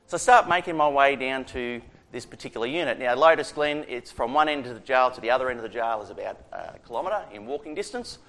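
A middle-aged Australian man who serves as a prison chaplain shares a personal faith testimony conversationally, animatedly acting out the dialogue. His voice is medium-pitched and he talks fast.

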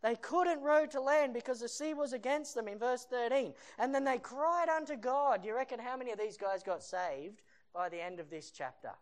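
A preacher giving a sermon in a lively storytelling style, acting out the scenes. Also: medium pitch, moderate pace, hardly any pauses. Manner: animated storytelling that acts out the scenes.

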